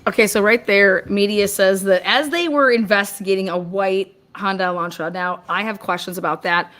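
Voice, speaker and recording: A young woman hosting a casual livestream, chatting and reacting quickly as she reads out where viewers are from. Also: mid-range voice, steady tone, fairly bright tone. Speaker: livestream host.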